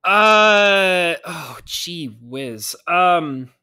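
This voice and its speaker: A man's voice: high-pitched, expressive, drawn-out words, pushed and bright, clean tone. A man hosting a casual podcast chat, teasing his guests and laughing often. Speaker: podcast host.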